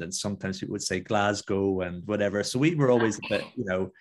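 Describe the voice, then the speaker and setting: A man's voice: on the low side, expressive, fast, few pauses. Man hosting a thoughtful chat. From Ireland. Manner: reflective, stumbling starts. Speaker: host. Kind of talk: interview conversation.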